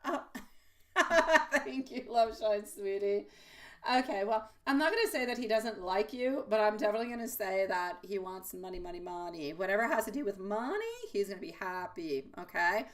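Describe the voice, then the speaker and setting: A woman's voice: medium pitch, moderate pace, distant mic. A middle-aged woman giving a live-stream tarot reading, chatty and affectionate, calling viewers sweetie. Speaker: tarot reader. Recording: voice a little off-mic.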